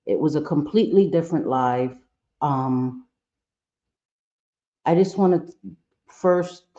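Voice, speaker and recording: Woman streamer, low mellow voice, chatty and apologetic, dull lo-fi mic. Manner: warm greetings, apologetic, halting with fillers. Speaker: live-stream host. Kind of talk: casual live-stream chat.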